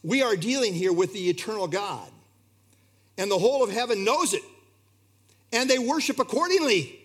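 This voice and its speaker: A man's voice: high voice, expressive, normal speed. A man preaching a sermon in an earnest, emphatic way, his delivery rising and falling. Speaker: pastor.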